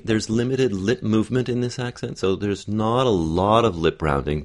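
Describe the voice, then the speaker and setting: Deep-voiced male dialect coach. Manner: explanatory, demonstrates sounds aloud. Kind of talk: accent coaching lesson.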